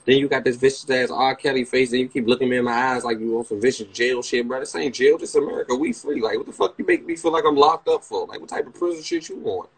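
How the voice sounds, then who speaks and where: Young man, DC-area accent, husky livestream host, brash roaster. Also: mid-range voice, fast, hardly any pauses, poor audio. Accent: Washington DC area. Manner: brash, profane, mocking. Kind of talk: casual livestream chat, roasting a guest.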